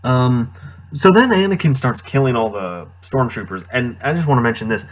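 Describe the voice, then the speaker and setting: A man's voice: mid-range voice, lively intonation, normal speed, a little hiss or hum. A man giving casual, sarcastic commentary on a movie he just watched, incredulous and laughing often. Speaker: movie reviewer.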